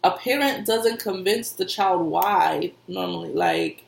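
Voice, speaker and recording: A woman's voice: medium pitch, sing-song, measured pace, vocal fry, few pauses, a little hiss or hum. A woman who works as an intuitive reader and medium, giving casual spiritual advice in a conversational way, repeating herself and laughing often. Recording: echoey room.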